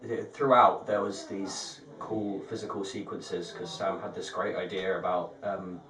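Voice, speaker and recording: A man's voice: low voice, steady tone, measured pace. A young man, a student theatre maker, chatting hesitantly with many fillers. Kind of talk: casual chat. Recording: roomy, far mic, loud guitar music.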